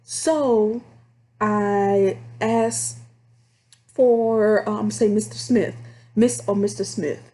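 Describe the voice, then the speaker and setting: A woman casually telling stories about her phone job to her viewers, chatty and animated. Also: medium pitch, very slow. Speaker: vlogger telling call-center stories. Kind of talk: casual storytelling to camera.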